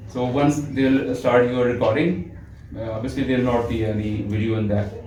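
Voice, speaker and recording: A man's voice: mid-range voice, steady tone, normal speed, darkish tone, distant mic, slight background noise. Man lecturing a class in an echoey room. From Pakistan. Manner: demonstrative, acts out example tones, asks class questions. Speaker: teacher.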